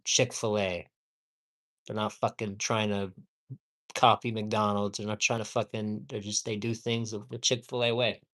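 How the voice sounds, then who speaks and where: A man's voice: on the low side, flat delivery, normal speed, fairly bright tone. A man ranting heatedly and profanely at home during a casual livestream, rambling and repeating himself for emphasis. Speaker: live streamer.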